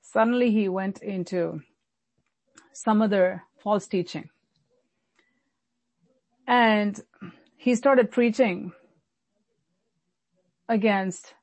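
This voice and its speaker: A woman pastor delivering an earnest sermon, slowing down and repeating lines for emphasis. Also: medium pitch, darkish tone, no room sound. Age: adult, recalls childhood many years ago.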